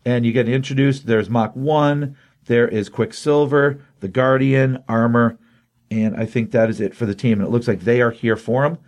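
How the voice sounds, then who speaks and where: A man at an ordinary pitch walks through a comic book issue in casual podcast talk. He quotes each character in his own unchanged voice and fills the gaps with ums and uhs. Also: normal speed. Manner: retells scenes quoting characters in a flat voice, many ums.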